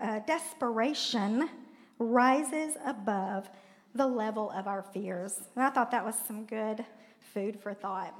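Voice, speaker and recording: A pastor's wife preaches in the church sanctuary, her fairly high voice carrying a long hall reverb. Her style is conversational, mixing laughing asides with prompts to the congregation.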